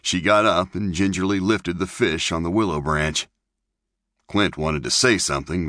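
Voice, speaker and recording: A man narrating a western novel as an audiobook, in measured storytelling. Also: low-pitched, fairly bright tone, no echo, studio quality. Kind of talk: scripted narration.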